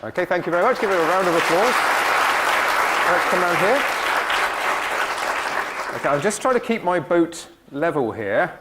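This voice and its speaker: A man's voice: high voice, expressive, normal speed, pauses often, a loud crowd, heavy background noise. A man giving a live science demonstration lecture to an audience, upbeat and encouraging.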